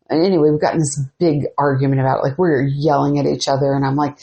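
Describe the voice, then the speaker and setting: A woman's voice: deep voice, quick pace, hardly any pauses. A woman hosting a podcast, casually telling a ghost story and acting out the quoted dialogue. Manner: animated, acts out quoted dialogue. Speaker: podcast host.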